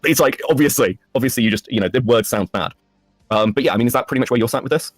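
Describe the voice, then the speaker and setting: A man in casual chat, talking candidly and quickly with the odd curse. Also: mid-range voice, dry recording, clean studio sound, soft background music. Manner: rapid, candid, profane.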